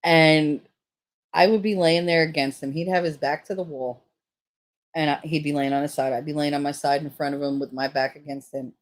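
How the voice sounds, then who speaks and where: A woman's voice: deep voice, fairly even intonation, a little fast. A woman hosting a casual livestream, telling frank, profane stories and reading out chat comments. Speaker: streamer host.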